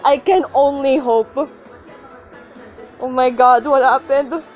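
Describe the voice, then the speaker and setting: A woman's voice: sits high, fairly even intonation, slow pace, a little mellow, faint music behind. A young woman reacting to her mobile game pulls, pleading and shrieking at the screen. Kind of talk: gacha pull reaction commentary.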